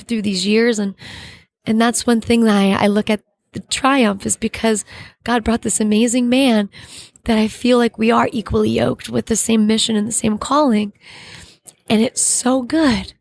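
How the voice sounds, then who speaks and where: A middle-aged woman, an actress being interviewed, giving an earnest, halting faith testimony and searching for her words. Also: fairly high pitch, creaky, no echo.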